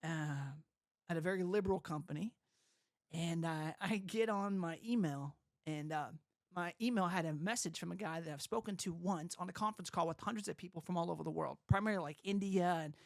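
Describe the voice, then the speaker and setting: A man's voice: high-pitched, a little fast, gravelly, no room sound. Dry, close-miked man telling his story. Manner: animated storyteller, acts out quoted dialogue. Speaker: guest. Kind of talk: personal testimony in conversation.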